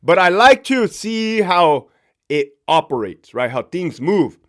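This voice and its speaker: Animated, slow-talking man telling stories. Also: high voice. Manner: profane, laughing often, animated asides. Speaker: former prison officer, podcast host. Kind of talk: casual storytelling chat.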